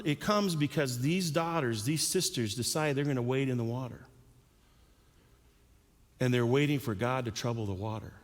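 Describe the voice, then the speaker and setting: A man preaching a sermon as pastor, telling a Bible story and acting out the voices of its people. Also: medium pitch. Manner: storytelling, acts out voices of biblical figures. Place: church sanctuary. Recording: church hall with long reverb.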